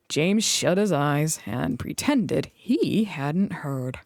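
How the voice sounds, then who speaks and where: A woman reading a children's book aloud in an expressive storytelling voice. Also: low-pitched, slow pace, few pauses, no echo, studio quality. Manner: expressive, animated read-aloud.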